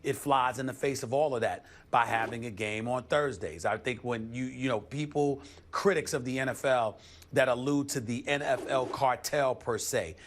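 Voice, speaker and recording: An American man making his case on a television sports debate show, forceful and deliberate as he counts off each point. His voice sits in an ordinary middle register. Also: medium pitch, slight background noise. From United States. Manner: emphatic, builds numbered points.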